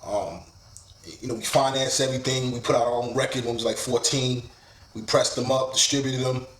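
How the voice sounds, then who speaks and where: Man, interviewee, soft measured delivery, roomy echo. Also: mid-range voice, fairly even intonation. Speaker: interviewee in a documentary. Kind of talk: interview recollection.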